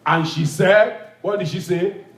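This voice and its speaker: A man's voice: sits high, measured pace. A male pastor preaching an emphatic, repetitive sermon with call-and-response, in a church hall.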